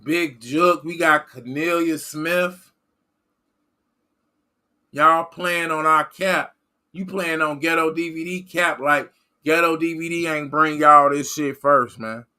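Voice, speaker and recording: A man's voice: fairly high pitch, steady tone, slow pace, pushed and bright, clear, resonant tone. A man hosting a livestream and talking to his chat in a rambling, repetitive, fired-up way. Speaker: livestream host reading chat. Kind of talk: casual livestream rant.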